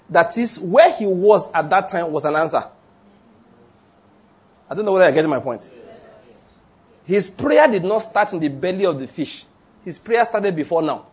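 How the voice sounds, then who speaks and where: Guy preaching, fairly high voice, kinda husky, keeps asking the congregation questions. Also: expressive. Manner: conversational, asks the congregation questions; reads scripture slowly and deliberately. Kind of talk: sermon with Bible reading.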